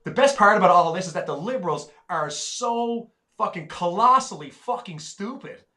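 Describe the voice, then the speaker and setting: A man's voice: high voice, expressive, moderate pace, sharp tone. A man, ranting profanely as a podcast co-host in heated casual talk. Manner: profane, ranting, heavy swearing.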